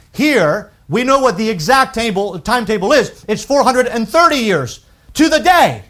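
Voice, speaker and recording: A man preaching a sermon, emphatic and swelling to loud peaks on key points. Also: very high-pitched. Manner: emphatic, rising to loud peaks when quoting scripture and critics. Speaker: pastor.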